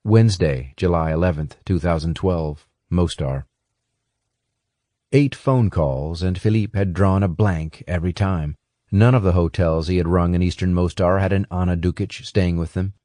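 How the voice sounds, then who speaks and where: Deep-voiced man narrating an audiobook. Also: normal speed, dark tone, no echo, studio quality. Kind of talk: scripted narration.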